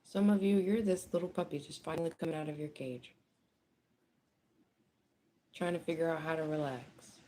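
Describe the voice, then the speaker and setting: A woman giving a casual tarot reading, chatty and animated, with frequent laughter and swearing. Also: low voice, moderate pace, long pauses. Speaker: tarot reader. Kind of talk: casual spoken card reading.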